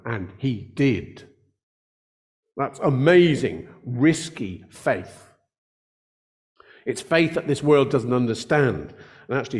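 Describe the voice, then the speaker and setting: Older man, pastor, earnest sermon delivery, slows to stress key words. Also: mid-range voice, darkish tone.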